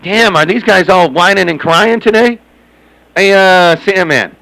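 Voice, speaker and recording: A man's voice: sits high, unhurried, vocal fry, pushed and bright, poor audio. A man chatting and joking over CB radio, repeating himself and calling out to other operators by handle. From Southern California.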